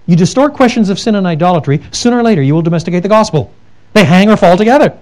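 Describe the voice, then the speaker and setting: A man's voice: high voice, animated, quick pace, a little mellow. A man giving an earnest theology lecture, telling stories with emphatic repetition and frequent restarts. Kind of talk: lecture with told anecdotes.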